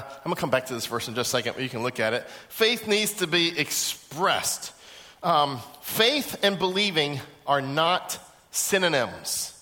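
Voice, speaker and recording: A middle-aged male pastor preaches with a bright, forceful tone and a voice pitched a touch above the usual for a man. He drives his points home by repeating them and acting out small everyday scenes. His voice rings with the long reverb of a big hall. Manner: animated storytelling, acting out little scenes and repeating key points. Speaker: pastor teaching a Bible lesson. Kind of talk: sermon to a live group. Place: large room with a seated audience.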